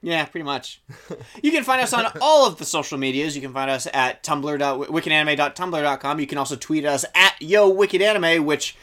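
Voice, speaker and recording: A man's voice: a little high, expressive, normal speed, bright, forceful tone. A young man co-hosting a podcast in casual chat, upbeat and chatty, laughing often. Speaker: podcast co-host.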